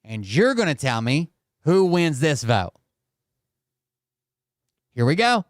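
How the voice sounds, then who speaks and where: A man's voice: fairly high pitch, big pitch swings, takes it slowly, no echo, studio quality. A man hosting a channel, reacting to clips with casual, wry remarks. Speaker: channel host. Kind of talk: casual commentary.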